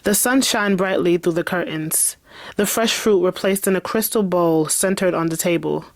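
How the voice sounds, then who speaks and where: A woman's voice: fairly low pitch, moderate pace, no echo. A woman author reading her own novel aloud and breaking off for candid, chatty commentary. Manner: chatty, candid, laughs and swears in asides. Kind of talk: read-along with casual commentary.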